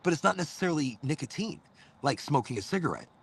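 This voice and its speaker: Gravelly profane man, lively pitch. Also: fast, very noisy. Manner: loose, profane, rambling storyteller. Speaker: host. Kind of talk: casual chat.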